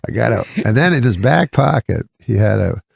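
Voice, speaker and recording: A middle-aged man telling a rambling deadpan anecdote with halting restarts as a comedian guest. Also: medium pitch, creaky, breathy edge. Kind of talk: casual anecdote on a podcast.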